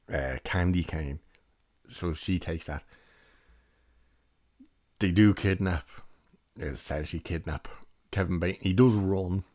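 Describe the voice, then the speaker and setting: A man's voice: deep voice, a little mellow, dry recording. A young man giving a rambling, chatty film review and laughing now and then as he recounts scenes. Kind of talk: casual spoken film review.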